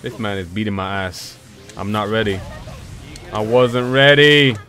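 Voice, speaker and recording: A man giving casual, profane commentary over his own fighting game match, muttering and breaking into sudden shouts. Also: fairly low pitch, measured pace, faint music behind. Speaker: gameplay commentator. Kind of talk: casual live gameplay commentary.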